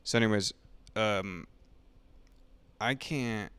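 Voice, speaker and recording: A man playing along in a comedic improvised game, talking hesitantly with many halting restarts. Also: on the low side, fairly bright tone, smooth, no echo. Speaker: player.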